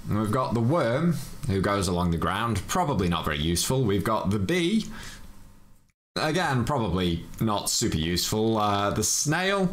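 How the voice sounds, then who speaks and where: A man's voice: lowish voice, sing-song, moderate pace. A man streaming a charity game playthrough, making wry, joking asides to his chat.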